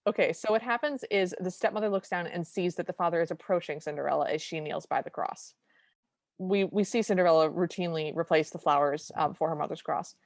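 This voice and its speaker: A woman co-hosting a podcast speaks briskly in a voice on the low side, recorded dry. She chats with enthusiasm as she retells a film one scene at a time, giving acted versions of the quotes.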